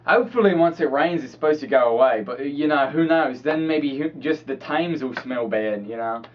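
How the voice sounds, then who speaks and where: A man's voice: mid-range voice, normal speed, distant mic. A man ad-libs a joke field report, rambling and padding every thought with fillers. The sound is dull and lo-fi, with a faint hiss behind him. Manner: rambling, full of "like" and "I mean". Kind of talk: rambling comic ad-lib.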